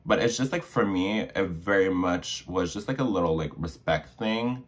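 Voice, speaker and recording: A man's voice: low voice, moderate pace. A young man vlogging while doing his makeup, chatty and dramatic, acting out the quoted dialogue as he retells a story.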